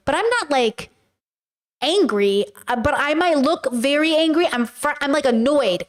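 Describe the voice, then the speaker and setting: High-voiced woman rambling candidly on livestream. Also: lively intonation, unhurried. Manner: candid and rambling, swears freely, acts out her own quotes. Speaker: livestream host. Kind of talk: casual livestream chat. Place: home livestream.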